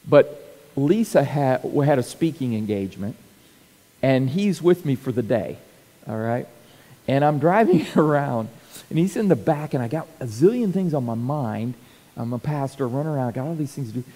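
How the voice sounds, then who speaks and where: Mellow-voiced middle-aged pastor, reverberant. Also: male voice, mid-range voice, animated, normal speed. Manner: conversational, laughs often, restarts and repeats words. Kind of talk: casual leadership talk with anecdotes.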